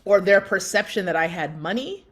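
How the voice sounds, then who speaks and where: A woman in her thirties co-hosting a podcast, telling a story in lively conversation and acting out the voices of people she quotes. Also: normal speed. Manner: animated, acts out quotes with big pitch jumps. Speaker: podcast co-host.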